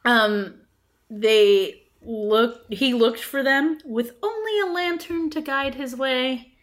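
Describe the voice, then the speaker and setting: A woman's voice: sits high, slow, a bit bright. A woman from the northern United States hosting a casual podcast, chatty and giggly as she retells legends. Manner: chatty, giggly, trails off with fillers. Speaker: podcast host.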